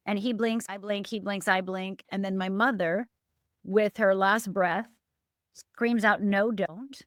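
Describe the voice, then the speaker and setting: A woman's voice: fairly bright tone, no room sound. Earnest middle-aged woman, dry close sound. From Upper Michigan, USA. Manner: earnest, emphatic, with sudden lifts and drops in pitch. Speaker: life coach guest. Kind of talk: emotional personal storytelling.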